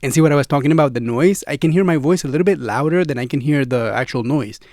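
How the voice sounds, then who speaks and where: A slightly high-voiced man chats eagerly about his gear, checking in with the listener as his friend. He is recorded close on studio mics in a dead, dry home studio. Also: quick pace, darkish tone, no echo. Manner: enthusiastic, chatty, addresses viewer as friend. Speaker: gear reviewer. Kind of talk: casual demo talk to camera. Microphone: studio microphones, swapped during test.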